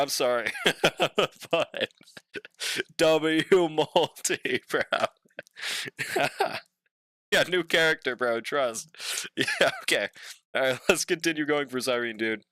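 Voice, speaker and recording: Smooth-voiced casual streamer guy. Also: a little high, fairly bright tone, dry recording, studio quality. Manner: laid-back, slangy, swears, hums and scats while waiting. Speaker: streamer reading chat. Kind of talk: casual live-stream chat while playing.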